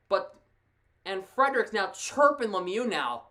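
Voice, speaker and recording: A woman calling a hockey game live in a loose, fan-style play-by-play. She is excitable and quick to laugh, throwing chatty asides to a co-host between plays. Her voice sits at an ordinary middle pitch for a woman.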